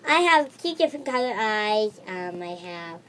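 A woman voicing an eager, excitable toy-pet girl. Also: medium pitch, unhurried.

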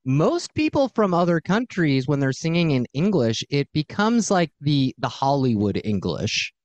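Animated Southern California woman host. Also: low voice, moderate pace, dry recording, muffled recording. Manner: bubbly, animated, playful. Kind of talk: casual interview chat.

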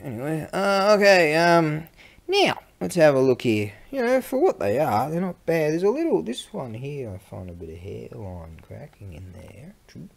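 A man's voice: medium pitch, creaky, husky. A man selling antiques online, casually looking over his items in a rambling, hesitant way with many fillers. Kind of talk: casual product inspection vlog. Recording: noisy recording with clicks.

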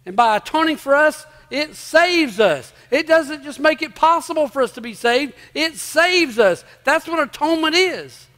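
Male pastor, emphatic sermon, high voice, repeats himself for weight, long church reverb. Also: animated, moderate pace, few pauses, bright, forceful tone. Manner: emphatic, repeats key phrases, asks the congregation rhetorical questions. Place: church sanctuary before a congregation.

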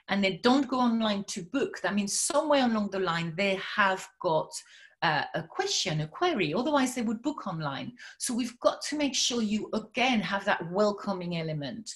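A woman coaching salon owners in a webinar. Her delivery is energetic and emphatic, and she often doubles up words and phrases to drive a point home. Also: medium pitch. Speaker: spa and salon business coach. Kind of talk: webinar presentation.

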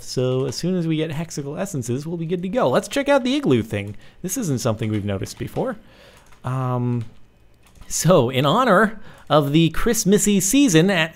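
A young man in his twenties giving casual, excitable commentary while playing a survival game, with sudden yelps. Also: medium pitch, gravelly. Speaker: gaming video host. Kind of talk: casual let's play commentary.

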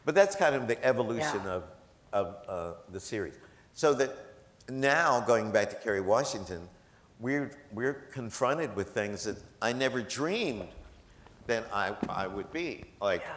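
Addressing a live audience as a gala guest, this man shares humorous stories in a talkative, joking way, quoting the people he describes. His mid-range voice is animated and a bit bright, at a measured pace. The echoey recording comes from a large event hall.

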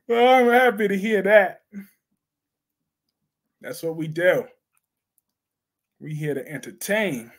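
A young man with a high voice hosts a live stream about soap operas. He reads viewer comments aloud, reacts with sudden bursts of excitement, and talks in a loose, slangy way. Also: takes it slowly, long pauses. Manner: animated, laughing, slangy, reacts loudly to chat.

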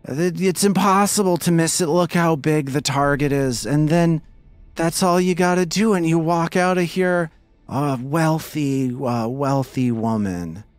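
A man's voice: measured pace, no echo, soft background music, close to an everyday voice. A man doing a drunken, boastful hustler. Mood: drunken boasting. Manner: slurring boastful sales pitch. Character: drunk swaggering human man, card hustler.

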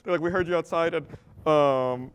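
Rambling man with a high voice. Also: normal speed, smooth. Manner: rambling, lots of "like" fillers. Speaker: podcast co-host. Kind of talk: casual storytelling chat.

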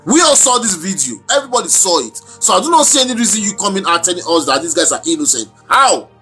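A man's voice: high-pitched, very animated, quick pace, sharp tone, soft background music. A man with a Nigerian accent, co-hosting a talk show and arguing his points emphatically. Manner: argumentative, emphatic.

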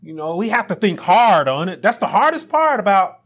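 A man delivering a sermon as a pastor. His voice sits high and moves with lively swings of pitch, rising to emphatic peaks and then dropping into quieter asides. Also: moderate pace.

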